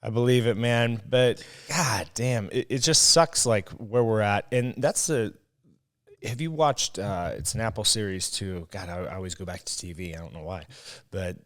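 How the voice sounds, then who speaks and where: A man's voice: fairly low pitch, moderate pace, a bit bright. A young adult man co-hosting a podcast in casual, profane, rambling chat. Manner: profane, rambling, laughs often. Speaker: podcast co-host.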